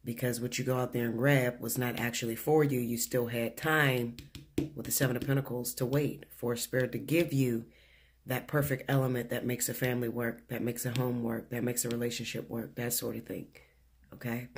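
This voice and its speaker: A man reads tarot cards in a loose, chatty way. He talks bluntly, swears freely and laughs often. He speaks at an everyday middle pitch from his living room at home. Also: flat delivery, normal speed, slight background noise. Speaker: tarot reader. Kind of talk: casual weekly tarot reading.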